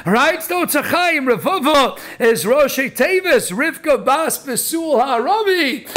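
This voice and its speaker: Rabbi guy with a really high voice giving a torah class, laughing a lot, throws in hebrew words. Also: unhurried, hardly any pauses. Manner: animated, laughing often, mixing in Hebrew and Yiddish terms. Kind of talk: Torah lecture.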